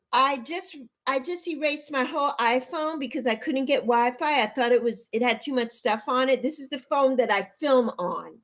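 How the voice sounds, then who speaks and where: A woman's voice: sits high, a bit bright. A woman in her sixties hosting a casual livestream, flustered and pleading for help while greeting viewers by name. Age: 60s. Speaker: livestream host. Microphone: laptop mic.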